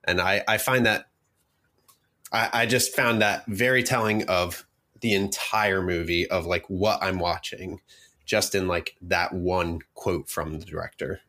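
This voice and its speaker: A man's voice: low voice, fairly even intonation, unhurried, pushed and bright. A man co-hosting a podcast, talking casually with many fillers and restarts. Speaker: podcast co-host.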